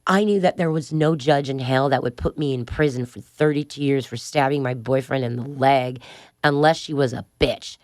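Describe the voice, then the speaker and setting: A woman's voice: a bass voice, moderate pace, darkish tone, no echo, studio quality. A middle-aged woman as a podcast guest, telling a wild story bluntly and profanely, laughing along as she goes. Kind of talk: candid storytelling interview.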